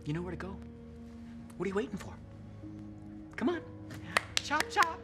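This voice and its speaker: An actor playing a mocking, condescending boss in a scripted drama. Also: male voice, high voice, big pitch swings, moderate pace, loud music behind the voice.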